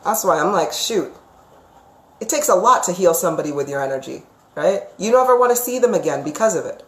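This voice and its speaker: A woman's voice: on the low side, lively intonation, quick pace. Chatty woman psychic in an echoey room. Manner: chatty, emphatic, ranting at times. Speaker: psychic reader. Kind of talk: live-stream Q&A with pendulum readings.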